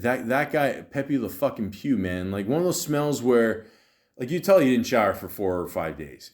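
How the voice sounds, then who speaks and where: A man's voice: medium pitch, sing-song, moderate pace, darkish tone. A man hosting a podcast, telling a rambling, crude, jokey story in a casual monologue full of swearing and restarts. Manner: profane, rambling, jokey, many fillers and restarts. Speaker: podcast host.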